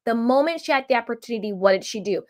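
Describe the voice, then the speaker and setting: Animated woman recapping reality TV. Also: a little high. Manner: emphatic, animated, talks in quick asides. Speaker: reality TV reviewer. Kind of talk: casual opinionated recap commentary.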